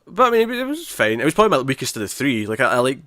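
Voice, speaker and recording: A man co-hosts a casual podcast, talking fast with lots of restarts and acting out lines from the show. His voice is bright and crisp, and the sound is dry with little room. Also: medium pitch, dry recording. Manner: animated, quick restarts, acts out lines from scenes. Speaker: podcast co-host. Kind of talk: casual chat.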